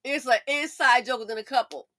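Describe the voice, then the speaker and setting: Bright-voiced sassy woman host. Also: brisk. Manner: animated, acts out quotes in a high excited voice, laughs often; sassy, folksy. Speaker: commentary channel host. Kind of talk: casual commentary and storytelling.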